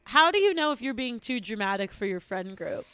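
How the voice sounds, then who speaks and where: A woman hosting a comedy podcast over a video call, chatting quickly and apologizing often. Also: on the high side, sing-song, pushed and bright, clean tone, dry recording. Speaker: podcast host. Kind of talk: casual comedic chat.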